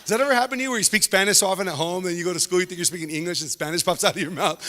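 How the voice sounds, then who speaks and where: Stand-up comic, male, slightly high voice, animated slangy storyteller; hall reverb. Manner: animated, slangy, acts out characters in quick asides. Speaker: stand-up comedian.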